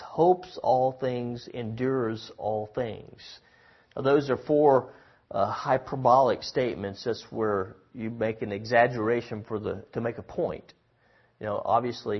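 A man's voice: medium pitch, breathy edge, muffled recording. A man giving a sermon as a pastor, talking in a casual, conversational way with lots of fillers and restarts.

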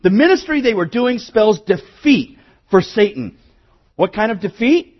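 A middle-aged man preaching a sermon in a conversational way, often repeating words and restarting, and slowing down to read scripture. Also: high voice, very animated, muffled recording. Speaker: pastor.

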